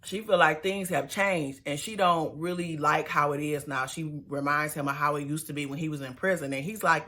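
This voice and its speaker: A woman's voice: sits low, fairly even intonation, normal speed, few pauses, fairly bright tone. Sassy woman recapping a reality show. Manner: sassy, chatty, with slangy asides to viewers. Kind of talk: casual TV episode recap.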